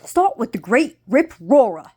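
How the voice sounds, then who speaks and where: A woman voicing a welcoming lion king from a storybook, with loud, hearty greetings. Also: fairly high pitch, big pitch swings, measured pace, husky, voice pushed up, exaggerated voice.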